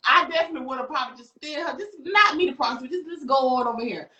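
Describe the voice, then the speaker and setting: A woman, hosting a casual panel chat, animated and slangy, laughing often. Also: sits high, very fast. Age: 30s. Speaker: host. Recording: echoey room with crowd noise.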